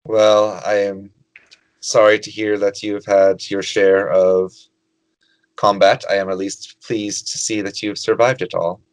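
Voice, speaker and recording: A man voicing a gentle, hesitant female lizardfolk queen in a tabletop game, speaking formally and haltingly. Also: on the low side, flat delivery, poor audio. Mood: gracious. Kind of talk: tabletop role-play.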